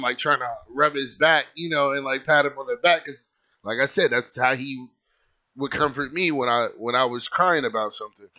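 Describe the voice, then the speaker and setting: Young man, bright-toned, casual storyteller who rambles and swears. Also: medium pitch. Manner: rambling, lots of filler likes, swears freely.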